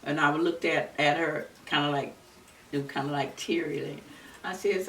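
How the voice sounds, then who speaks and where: A woman in her seventies from Florida, recalling her civil rights days in an earnest, unhurried oral-history telling. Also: low-pitched, fairly bright tone. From Florida, USA. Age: 70s. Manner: earnest, unhurried storytelling with many restarts. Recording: roomy, distant mic with faint background noise.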